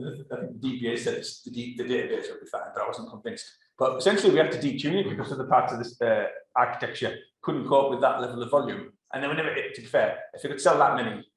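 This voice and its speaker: A man telling a work story to a live audience in a rambling way, full of fillers and restarts. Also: mid-range voice. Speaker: conference speaker. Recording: very echoey room.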